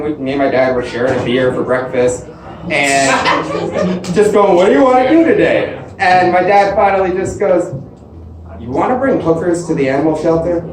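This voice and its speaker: On a comedy club stage, a man with a slightly high voice tells crude stories about his dad, quoting him and landing crude punchlines in a storytelling style. The mic sits far away in an echoey club, with audience laughter in the background.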